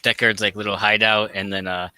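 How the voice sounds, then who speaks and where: A man co-hosting a casual movie podcast, talking in halting bursts with many fillers. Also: lowish voice, level tone, pushed and bright, slight background noise. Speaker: podcast co-host.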